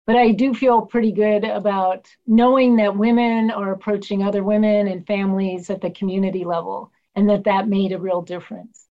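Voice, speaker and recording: A woman's voice: mid-range voice, steady tone, normal speed, muffled recording. A woman interview guest telling field stories with animation, acting out the people she quotes. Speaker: guest, public health worker. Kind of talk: interview storytelling.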